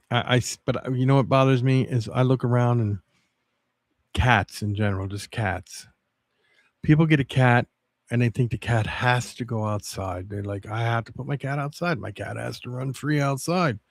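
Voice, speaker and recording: A man livestreaming, chatting casually with viewers in a rambling, halting way with many restarts. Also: mid-range voice, a little mellow, no echo, studio quality.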